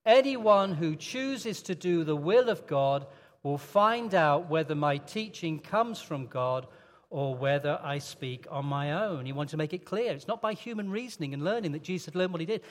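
Man, high voice, playful preacher, coaxing, long church-hall reverb. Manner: playful, coaxing, reads scripture slowly. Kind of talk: interactive children's talk with Bible reading.

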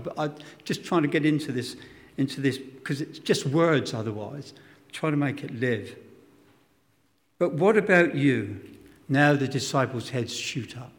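Preacher in a reverberant hall. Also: male voice, mid-range voice. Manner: dramatic, emphatic, acts out quotes, self-deprecating humour. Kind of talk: sermon.

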